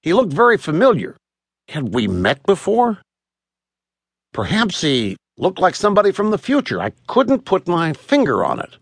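A man narrating a children's audiobook in an animated, expressive storytelling manner, recorded close to a studio mic. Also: high voice, moderate pace, slightly rough, dry recording.

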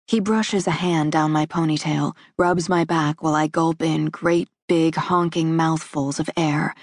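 A woman narrating a first-person romance in a measured, intimate reading. Her voice sits on the low side with a husky, breathy grain. The studio recording is dry and close, with no room around it. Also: fairly even intonation, no room sound. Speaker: audiobook narrator.

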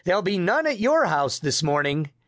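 A man voicing a warm, bustling older grandmother in a storybook. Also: high voice, sing-song, moderate pace. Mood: fussing.

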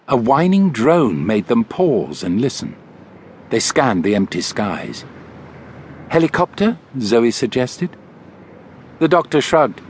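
A man narrating an audiobook in scripted, expressive storytelling. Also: mid-range voice, breathy edge.

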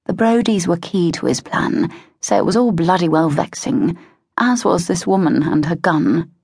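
A woman narrating an audiobook in a measured, expressive way, close to a studio mic. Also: sits low, slightly rough, dry recording. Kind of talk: scripted narration of a historical romance.

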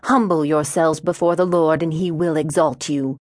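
A woman voicing a sneering male fundamentalist preacher who intones scripture slowly. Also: low voice, fairly even intonation, darkish tone, no room sound, clean studio sound, natural voice. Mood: intoning.

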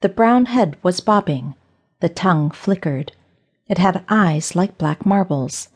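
Husky woman narrating a storybook. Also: on the low side, measured pace, a little mellow. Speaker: audiobook narrator. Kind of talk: scripted narration.

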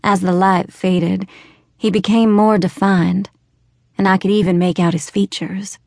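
A woman reads an audiobook aloud in a measured, steady first-person voice. Her tone sits low with a gravelly fry, and the sound is close and dry. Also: no echo. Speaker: audiobook narrator. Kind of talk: scripted audiobook narration.

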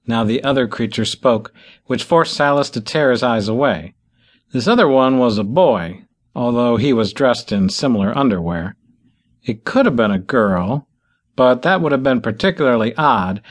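A man narrating an audiobook in an expressive storytelling style. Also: mid-range voice. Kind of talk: scripted narration.

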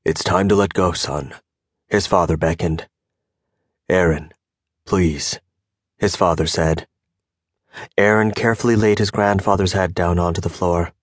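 A man giving a measured, scripted audiobook narration on a close studio mic. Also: low-pitched, dry recording. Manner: measured storytelling delivery.

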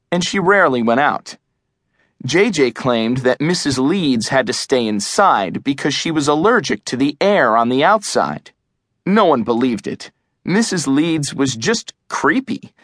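A male audiobook narrator reads in a measured, expressive way. He takes his time and lets his pitch rise and fall freely. The close mic gives a dry, roomless sound. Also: no echo. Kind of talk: scripted narration. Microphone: close studio mic.

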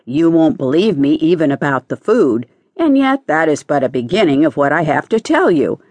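A woman's voice: deep voice, sing-song, moderate pace, a little mellow, dry recording. A woman voicing a cheerful, knowing male lark in a storybook audiobook, teasing and persistent.

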